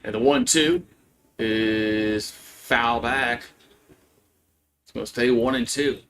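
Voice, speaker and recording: A man calling a softball game play by play on a live stream from home, in a casual, chatty way. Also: mid-range voice, fairly even intonation, slow pace, slight background noise. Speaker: play-by-play commentator. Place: at home with a barking dog.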